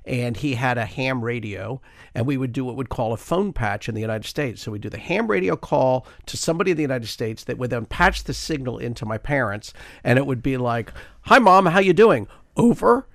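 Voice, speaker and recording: A man's voice: mid-range voice, brisk, creaky, no room sound, studio quality. A man in his sixties, a retired news correspondent, telling rambling stories with many fillers as a radio interview guest.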